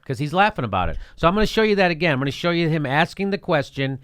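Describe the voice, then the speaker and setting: A man's voice: fairly high pitch, sing-song, racing, hardly any pauses, a bit bright, clean tone. A man hosting a show, giving heated political commentary, indignant and sarcastic, repeating his points with profanity. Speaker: host.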